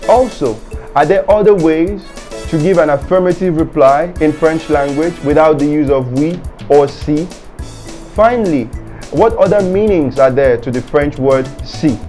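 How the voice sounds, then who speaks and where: A man teaching a French lesson in English, with a clear, measured delivery that repeats each example phrase. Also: a little high, mellow, soft background music. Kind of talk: scripted language lesson.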